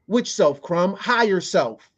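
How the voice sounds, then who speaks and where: A man's voice: high-pitched, animated, slow, fairly bright tone. A man hosting a podcast, delivering a playful, profane comedic monologue full of fillers. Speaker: podcast host.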